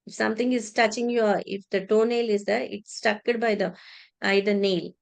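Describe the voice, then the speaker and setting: A woman telling a devotional story in a religious class, halting with many restarts and repeated words. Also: medium pitch, steady tone, vocal fry.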